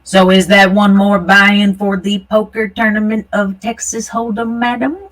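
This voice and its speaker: A woman voicing a gruff old cowboy man who runs a shooting contest and talks in a folksy, blunt drawl. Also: medium pitch, flat delivery, unhurried, a bit bright, no echo, distant mic, pitched above the performer's own voice, lightly acted.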